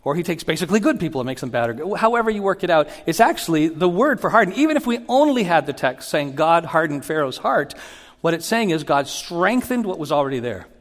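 A man's voice: a little high, fast talker. Man preaching in a reverberant hall. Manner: animated teaching, acts out Bible quotes with rising emphasis. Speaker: pastor. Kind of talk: sermon.

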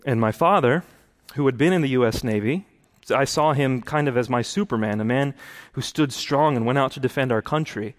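A man's voice: mid-range voice, a little fast. A man giving a sermon about his own conversion, telling it earnestly and rising to impassioned preaching. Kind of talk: testimony sermon.

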